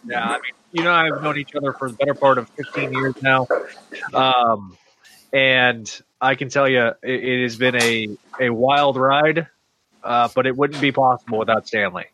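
A man on a podcast panel, chatting casually and haltingly. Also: medium pitch, fairly even intonation, noisy background. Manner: halting, with restarts.

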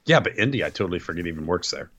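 A man's voice: low voice, animated, very fast, a bit bright, husky. A man co-hosting a wrestling podcast, giving strong opinions and repeating points for stress. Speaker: podcast co-host. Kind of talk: casual wrestling chat.

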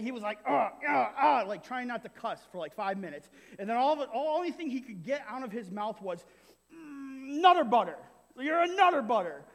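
High-voiced man preaching in a reverberant hall. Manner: animated, conversational preaching with frequent "right?" asides. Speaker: pastor. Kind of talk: sermon. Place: church hall.

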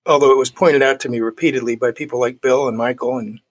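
A man's voice: mid-range voice, fairly even intonation, fast talker. A middle-aged man in his forties, a guest telling a personal recovery story, acting out the dialogue he quotes.

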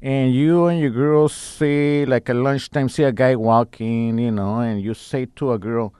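A man's voice: medium pitch, steady tone, measured pace, hardly any pauses, dark tone, smooth, dry recording, clean studio sound. A man, joking and teasing in casual podcast chat and laughing at his own lines.

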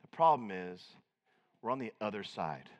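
A man preaching a sermon, dramatic, swinging from loud proclamations to hushed asides. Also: on the low side, very animated, normal speed, in a large hall, lo-fi sound. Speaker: pastor.

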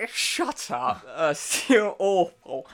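A man, telling a story in casual comic chat, wry and self-deprecating, with deadpan quoted voices. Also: on the high side, very slow. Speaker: podcast co-host.

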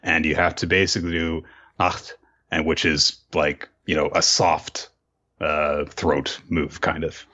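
A man co-hosting a podcast in casual chat, rambling and jokey, bursting into high laughing voices. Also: little pitch movement, unhurried, pushed and bright, lo-fi sound. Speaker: podcast co-host.

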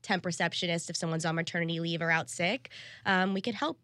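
Young woman on a radio interview, earnest, kinda low voice, dry. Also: steady tone, fast talker, pushed and bright, dry recording. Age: young adult. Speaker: guest. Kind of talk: interview answers.

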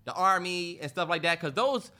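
Male podcast co-host, high bright voice, animated storyteller who laughs through his own tale. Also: moderate pace. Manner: animated, acts out quotes, laughs a lot. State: out of breath. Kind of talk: casual storytelling chat.

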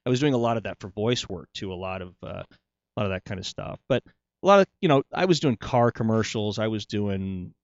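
A man's voice: on the low side, animated, fairly quick, no echo, lo-fi sound. A middle-aged male actor telling his story in a casual interview, rambling, with many restarts and "you know"s.

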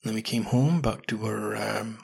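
A man in his thirties telling stories on his own podcast in a casual, self-mocking ramble, cursing freely. His voice sits fairly low, with a husky, raspy edge and a lot of gravel in it. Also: fairly even intonation, a little slow, a little mellow. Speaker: podcast host. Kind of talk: casual solo podcast storytelling.

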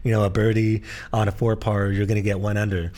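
A man with a fairly low voice tells his own story on a podcast. He speaks earnestly, backing up and restarting his sentences as the memories come. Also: little pitch movement, quick pace, warm tone. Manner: earnest, with frequent restarts and fillers. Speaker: podcast co-host and pastor. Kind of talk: personal storytelling in casual conversation.

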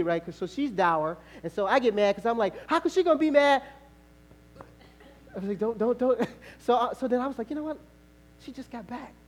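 A male pastor preaching a sermon, telling a story in a conversational way with laughter and sudden shouts. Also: high voice, a little hiss or hum.

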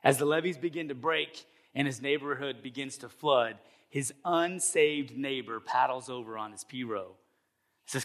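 Middle-aged male pastor, animated storyteller who puts on comic voices mid-sermon. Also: medium pitch, moderate pace.

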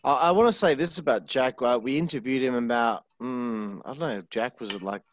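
A man co-hosts a podcast in a relaxed, reflective way and fills his pauses with "um" and "like". His voice sits in a middle pitch. The room around him sounds dry, with no echo. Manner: relaxed and reflective, with frequent fillers. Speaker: podcast co-host. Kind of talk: casual podcast chat.

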